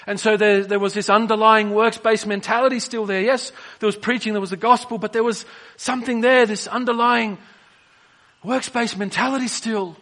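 High, bright-voiced male preacher. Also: steady tone, normal speed. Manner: dramatic swings between soft and emphatic delivery. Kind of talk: sermon.

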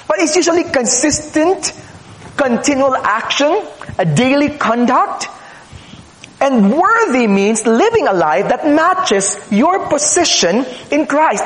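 A man preaching a sermon as pastor, teaching earnestly with rhetorical questions and repeated phrases. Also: very high voice. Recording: echoey hall, long reverb.

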